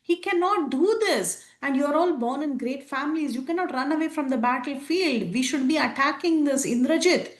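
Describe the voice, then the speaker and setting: Lady doing a fired-up monkey hero guy, scolding, voice climbing high, echoey room. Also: very animated, normal speed, a little mellow. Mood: urgent. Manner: scolding, indignant tirade. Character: outraged male monkey warrior hero.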